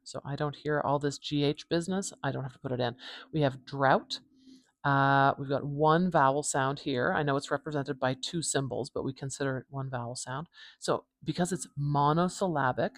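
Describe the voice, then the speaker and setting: A woman from Canada teaching phonetics at home in a calm, unhurried lesson inspired by ASMR. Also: low-pitched, no echo, clean studio sound. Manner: calm, unhurried, explains step by step. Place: home room.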